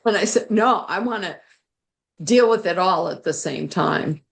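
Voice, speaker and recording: A woman guest telling a personal story in an interview, animated and laughing now and then. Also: on the low side, measured pace, gravelly.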